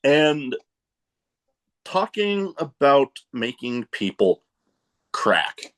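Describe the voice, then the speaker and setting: Animated man hosting a podcast. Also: mid-range voice, very slow. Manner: animated storyteller, laughs at his own jokes. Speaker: podcast host. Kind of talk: casual podcast chat.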